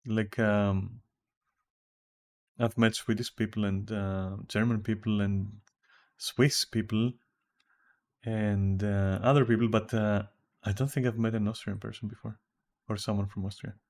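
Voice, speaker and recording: A man's voice: on the low side, level tone, a little slow, darkish tone. A man with a Greek accent chatting casually with viewers while streaming a game from home, rambling and swearing casually. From Greece.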